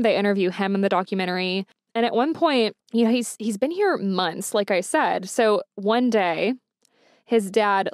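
A woman podcast host recounts a story in a casual, chatty way, full of "like" and indignant asides. Her voice sits in a middle pitch. The sound is close and dry, with no room around it. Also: dry recording. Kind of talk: casual true-crime recap.

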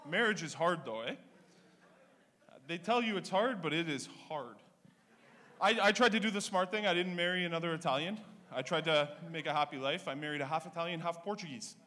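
A man, doing a stand-up comedy set with punchy, animated storytelling. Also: a little high, a little hiss or hum. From Canada (Ontario).

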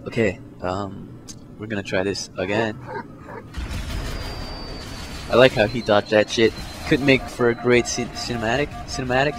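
A young man doing let's play commentary, swearing a lot and swinging from low mutters to panicked yelps. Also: fairly even intonation, moderate pace. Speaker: gameplay commentator. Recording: game music under the voice. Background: game music.

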